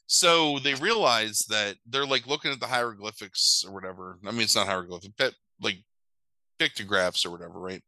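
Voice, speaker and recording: Guy ranting through a movie recap, super bright voice, dry close mic. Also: mid-range voice, brisk, no room sound, low-quality recording. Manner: animated retelling, swearing, mock quoting characters. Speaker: podcast host recapping a movie. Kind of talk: casual chat.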